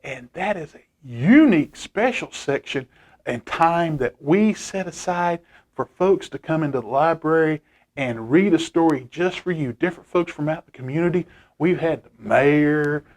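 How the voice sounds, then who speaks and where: A man's voice: on the high side, animated, normal speed. A man reading a story for children, chatty and loose with lots of fillers. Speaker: storytime reader.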